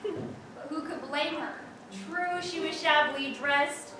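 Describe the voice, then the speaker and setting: Young woman, stage play, theatrical, high voice, echoey hall from far off, noisy. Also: fairly even intonation, takes it slowly. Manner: theatrical, exclaiming. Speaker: student actor playing Kate. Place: school stage.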